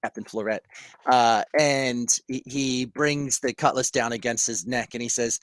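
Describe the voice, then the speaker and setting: A man's voice: mid-range voice, fairly even intonation, normal speed, fairly bright tone, clear, resonant tone, no room sound. A young man narrating as game master of a comedy tabletop game, rambling with fillers and laughing often.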